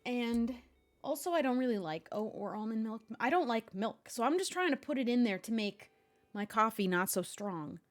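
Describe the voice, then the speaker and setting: A woman's voice: on the high side, expressive, normal speed. A young adult woman streaming live, chatting casually and rambling, laughing often between complaints.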